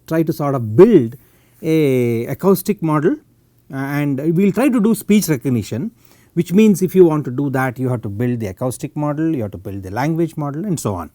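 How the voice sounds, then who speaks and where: A man with an Indian English accent giving a technical university lecture, halting often with fillers and tag words. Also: fairly high pitch, animated, dark tone, no room sound, studio quality. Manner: halting, full of "uh" and "okay" tags. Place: lecture recording.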